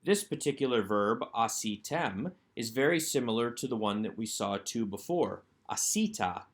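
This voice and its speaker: A man's voice: mid-range voice, a little fast. A man teaching a recorded workbook lesson as an instructor, working through each item methodically by posing a question and then answering it. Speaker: Hebrew instructor.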